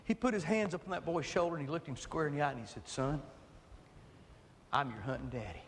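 Impassioned high-voiced preacher in a hall. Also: male voice, lively intonation, very fast. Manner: impassioned, rising to shouts then dropping to soft storytelling. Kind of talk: sermon. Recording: reverberant hall, faint noise.

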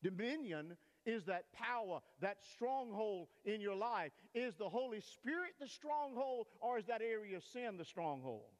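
An older man, a pastor, preaching an emphatic sermon in a church, swinging between loud peaks and hushed asides. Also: high voice, lively intonation, unhurried, hardly any pauses. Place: church sanctuary. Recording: long reverb of a church hall.

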